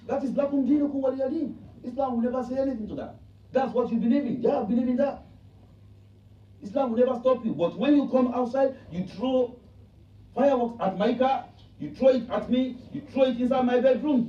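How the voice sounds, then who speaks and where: A man's voice: high voice, mellow. A man giving a Friday sermon in a mosque, preaching emphatically with repeated rhetorical lines. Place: mosque prayer hall. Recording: echoey, distant, dull hall recording.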